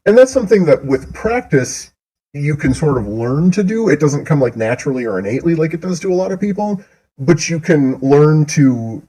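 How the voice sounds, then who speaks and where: A man's voice: mid-range voice, dark tone, slightly rough, low-quality recording. A man giving mocking, profane reaction commentary on a clip and laughing often, speaking into a desk mic. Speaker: commentary host.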